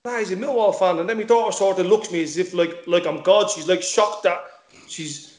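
Brief: middle-aged man, quick and chatty, slightly raised pitch, stumbles over repeated words, recorded in an echoey room. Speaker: former footballer, guest. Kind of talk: casual interview chat.

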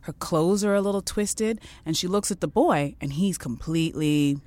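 Frank, animated woman telling a story. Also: normal speed. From Caribbean. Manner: frank storyteller, lively swings in pitch and loudness. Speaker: podcast guest. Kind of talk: casual chat.

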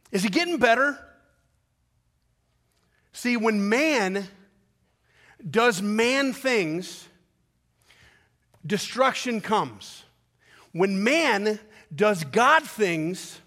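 Male pastor, high-pitched, delivering a sermon with dramatic pauses and rising emphasis. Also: fairly bright tone. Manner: retells a story with quick asides.

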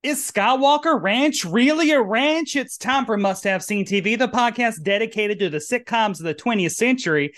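A man's voice: high-pitched, moderate pace, few pauses, a bit bright. A man from Tennessee with a Southern accent, hosting a podcast in a campy, rambling drag persona. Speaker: podcast host. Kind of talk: casual chat.

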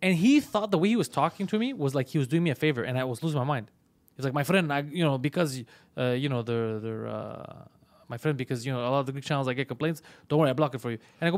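Fast-talking, swearing comedian man. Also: a little high. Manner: animated, profane, acts out both sides of phone calls. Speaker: comedian podcast host. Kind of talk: casual storytelling chat.

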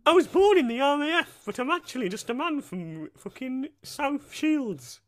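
A man voicing a gruff man from North East England in a put-on Geordie accent, slow and drawn out. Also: extremely high pitch, very animated, a bit bright, pitched above the performer's own voice, exaggerated voice.

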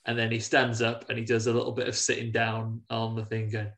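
A man with an English Midlands accent, co-hosting a casual film review chat and retelling scenes with animated character voices. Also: mid-range voice, fairly quick. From England. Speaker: podcast co-host.

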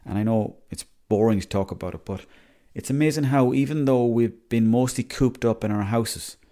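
A man's voice: mid-range voice, moderate pace, warm tone. A young Irish man hosting a podcast, rambling in a chatty, casual monologue and swearing freely. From Ireland. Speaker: podcast host.

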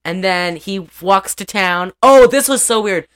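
A woman's voice: mid-range voice, measured pace, clear, resonant tone. A woman in a casual chat, recapping a movie in a chatty, profane way and laughing often.

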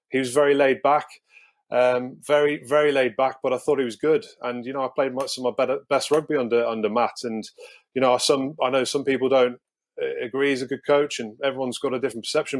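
Guy in his 30s rambling through an old team story, keeps repeating himself. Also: medium pitch. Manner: rambling, repeats words, laughs at own anecdotes. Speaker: guest. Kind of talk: casual storytelling.

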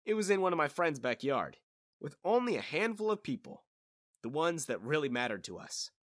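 A man's voice: a little high, very animated, moderate pace, no echo. A man telling a story in the first person, in casual scripted narration.

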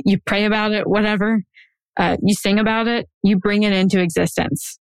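A woman's voice: medium pitch, dry recording, poor audio. A woman co-hosting a podcast, chatting casually in a blunt, frank way and swearing freely. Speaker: podcast co-host. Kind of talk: casual chat.

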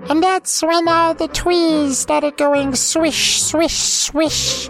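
A woman's voice: high-pitched, steady tone, drawn-out words, soft background music, exaggerated voice, low-quality recording. A woman voicing an eager, childlike male forest creature who tells stories in a rambling, hesitant way full of ums. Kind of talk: comedic audio drama.

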